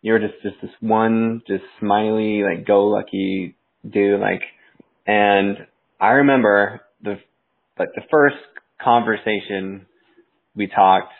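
A man's voice: on the low side, fairly even intonation, slow, creaky. A man hosting a podcast, laid-back and casual, calling his guest "dude". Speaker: podcast host. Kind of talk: casual interview chat. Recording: tinny phone-like line.

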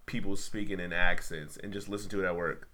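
A man's voice: low voice, level tone, a little fast, bright, forceful tone. Blunt, opinionated male podcast host. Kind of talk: casual chat.

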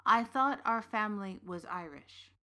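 A woman's voice: mid-range voice, animated, measured pace, sharp tone. A woman reading the lines of an earnest, grieving young man full of questions in an audiobook story.

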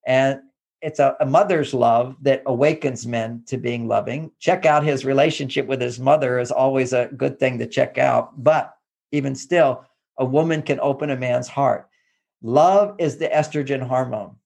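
A man's voice: medium pitch, moderate pace, creaky, darkish tone. A man from Texas, a therapist and relationship author, talking casually and animatedly, often acting out quoted phrases. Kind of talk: casual advice talk.

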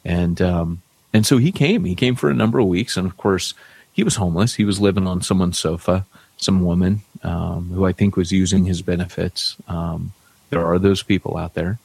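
A man's voice: normal speed, gravelly, breathy edge, no echo. A man co-hosting a podcast in casual chat, telling stories animatedly and acting out other people in a raised voice. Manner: animated storyteller, acts out quoted people in a high voice. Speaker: podcast co-host, church planter.

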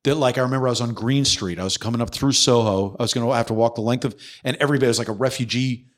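A man hosts a podcast in loose, casual conversation. He tells his story with lively energy, acting out the people he quotes and cursing freely. His voice sits at an ordinary middle pitch. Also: racing. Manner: animated storyteller who acts out quoted voices, swears freely. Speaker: podcast host.

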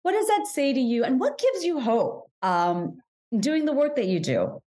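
Give me a woman interviewer with a higher-pitched voice, effusive and full of enthusiasm. She asks her questions over a video call. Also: big pitch swings, moderate pace, warm tone. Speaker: interview host. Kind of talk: conversational interview.

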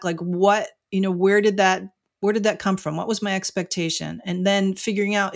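A middle-aged woman speaks as a guest in an interview, candid and thoughtful. She sprinkles her talk with "you know" and "like". Her voice sits in a middle pitch. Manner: reflective and frank, with many "you know" and "like" fillers. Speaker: author and marriage coach, guest.

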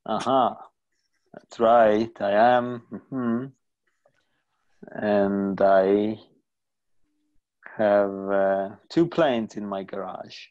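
A man doing a comic impression of a US president, speaking with slow, drawn-out pauses in a lowered voice. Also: steady tone, a little mellow, dull audio. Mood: mock solemn. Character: mock US president, pompous and measured.

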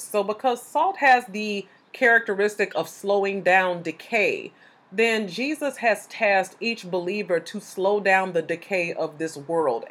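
A congested woman hosting a faith-based podcast, explaining scripture in an earnest, teaching way. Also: mid-range voice. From Chicago area. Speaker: podcast host.

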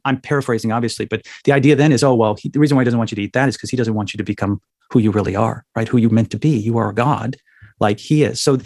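A reflective man talks through theology in an easy conversational tone, often pausing to check in with a quick question. His voice sits at a middle pitch, and the recording is dry and close. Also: darkish tone, no echo. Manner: reflective, explanatory, frequent "right?" tag questions. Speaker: guest, minister.

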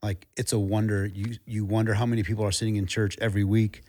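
A man with a fairly low voice runs a relaxed interview. He asks frank, reflective questions and shares his own doubts plainly. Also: fast. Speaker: podcast interviewer. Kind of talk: conversational interview.

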